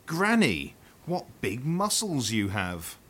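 A boastful, grumpy storybook wolf, voiced by a man who drawls each word slowly and scornfully in a raised voice. His pitch swings widely, with faint room noise behind. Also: wildly swooping pitch, fairly bright tone, exaggerated voice.

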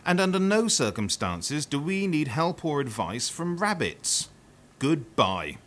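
A man voicing a boastful, grumpy big bad wolf with a slow, scornful drawl. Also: a little high, sing-song, fairly bright tone, pitched above the performer's own voice, exaggerated voice.

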